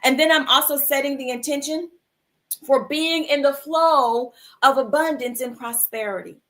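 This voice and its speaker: A woman's voice: high-pitched, normal speed, fairly bright tone. A woman hosting a livestream mindfulness show, chatting casually with viewers in an affectionate, encouraging way. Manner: affectionate, encouraging, calls viewers "my love" and "sis".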